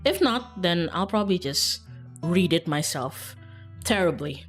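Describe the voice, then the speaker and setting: A woman's voice: lowish voice, lively intonation, unhurried, faint music behind. A young woman streaming a game, chatting casually and rambling, often laughing. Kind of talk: casual live-stream chat while gaming.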